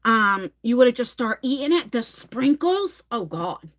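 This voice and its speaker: Woman, forties, animated, dramatic, swears casually, chatting with her viewers. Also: fairly high pitch, unhurried. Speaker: livestream host. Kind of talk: casual live-stream chat reading comments.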